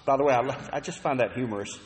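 A man preaching a sermon, telling stories earnestly, with emphatic rises and soft asides. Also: medium pitch, racing, a little hiss or hum. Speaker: pastor. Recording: long hall reverb.

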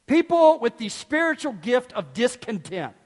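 A man with a high voice delivers a sermon from the pulpit. His delivery swings between forceful outbursts and soft, hushed asides. The church around him carries a long, ringing reverb. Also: moderate pace. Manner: animated preaching, swinging from loud bursts to hushed tones. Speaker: pastor.

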